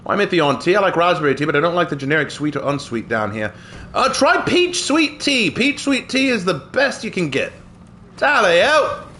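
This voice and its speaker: High, lively man faking a British accent. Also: normal speed, a little hiss or hum. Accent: put-on British. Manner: playful, hammy mock-British slang. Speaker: game streamer. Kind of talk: gaming livestream commentary.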